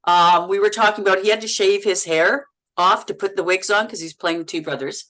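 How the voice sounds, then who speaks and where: A middle-aged woman from Canada chats as a podcast guest about her acting work. She tells stories with lively energy, laughing and restarting her phrases. Her voice sits at an ordinary middle pitch. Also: fairly quick, low-quality recording. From Canada, Manitoba. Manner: animated storyteller, laughs often, repeats words. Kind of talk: casual interview chat.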